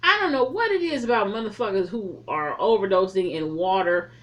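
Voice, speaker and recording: A woman recapping a movie in a casual, blunt and profane way, telling it as a lively story. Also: mid-range voice, a little fast. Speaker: movie reviewer.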